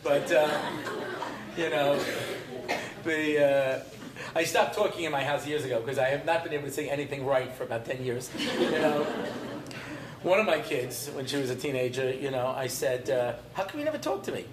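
A man's voice: mid-range voice, fairly even intonation, moderate pace, a crowd in the background. A middle-aged man teaching a class as a rabbi, in a humorous, rambling lecture style that mixes in Hebrew terms. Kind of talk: informal Torah lecture. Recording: roomy echo, faint room noise.

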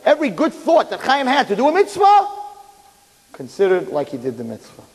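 A man telling a religious story in an animated, dramatic way. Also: very high-pitched, a little fast. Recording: echoey hall.

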